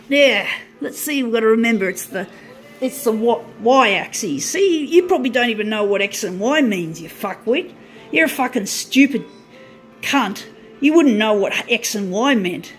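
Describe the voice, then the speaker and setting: Woman on a profane, fiery rant. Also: fairly high pitch. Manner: profane, ranting, half-laughing. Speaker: vlogger. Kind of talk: angry ranting product demo. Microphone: phone.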